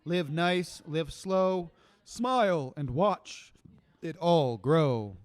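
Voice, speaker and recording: Slow, clear-voiced man reading poetry. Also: a little high, expressive, dry recording. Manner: slow, chanting delivery, swinging from loud declaiming to quiet mumbled asides; rambling and laid-back between poems. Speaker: poet performing his own work. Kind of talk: live-streamed poetry reading with spoken asides.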